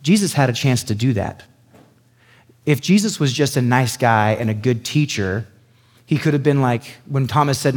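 A man preaching a sermon as a pastor, animated and conversational, acting out quoted lines with sudden high bursts. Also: moderate pace, breathy edge. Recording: long hall reverb.

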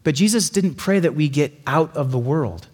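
A man with a husky voice on the high side gives a relaxed, talky sermon full of animation. He regularly breaks into short acted-out voices to make a point.

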